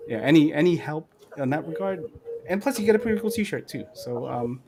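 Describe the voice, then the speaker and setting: A man's voice: a little high, animated, brisk, noisy background. A man co-hosting a model-building livestream, chatting casually with lots of fillers and restarts. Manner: rambling, many fillers and restarts.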